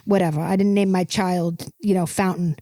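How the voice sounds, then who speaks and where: A woman's voice: on the low side, steady tone, moderate pace, warm tone, dry recording. A woman hosting a comedic podcast, rambling and gossipy, tacking "okay?" onto her points. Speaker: podcast host.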